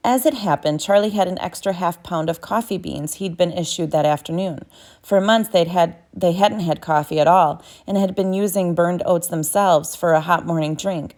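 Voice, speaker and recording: A woman's voice: on the low side, normal speed, darkish tone. A woman narrating a novel as an audiobook, reading steadily with small self-corrections.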